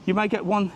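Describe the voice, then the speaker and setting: A British man with a fairly high voice walks a resort street on a live travel vlog, ranting bluntly and swearing casually between hellos to passers-by. He talks into a handheld phone outdoors, with a faint hum of street noise around him. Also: fairly bright tone. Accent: British English. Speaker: travel vlogger. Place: outdoors on a busy resort strip.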